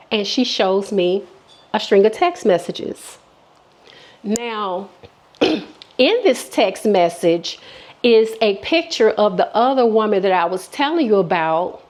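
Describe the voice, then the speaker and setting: A woman vlogger telling a personal story in casual chat, candid and chatty, often acting out what people said. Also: mid-range voice. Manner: candid, chatty, many fillers and restarts, quotes people.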